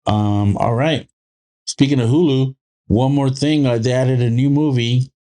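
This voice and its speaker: A man's voice: medium pitch, unhurried, mellow. Chatty man telling family stories. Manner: rambling storytelling, acts out his daughter's lines. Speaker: podcast co-host. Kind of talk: casual chat.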